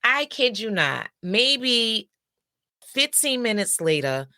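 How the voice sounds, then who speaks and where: Middle-aged lady telling a story, bright voice, dry close sound, lots of likes and rights. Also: a little high, very animated, takes it slowly, no echo. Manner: chatty, personal, lots of fillers and asides. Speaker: counselor and podcast host. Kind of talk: casual storytelling monologue.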